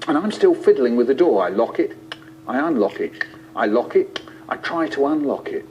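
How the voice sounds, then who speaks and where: A man telling a childhood story in a playful, expressive way. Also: mid-range voice, moderate pace, a little hiss or hum. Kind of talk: animated storytelling. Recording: lo-fi, muffled.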